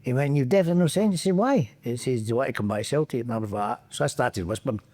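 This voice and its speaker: A man's voice: medium pitch, very fast, slightly rough. A middle-aged man with a Scottish accent tells anecdotes in a loose, chatty way. He jumps into other people's voices and breaks into laughter as he goes. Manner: animated anecdotes, acts out quotes, laughs often. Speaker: podcast guest, former footballer. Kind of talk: casual storytelling chat.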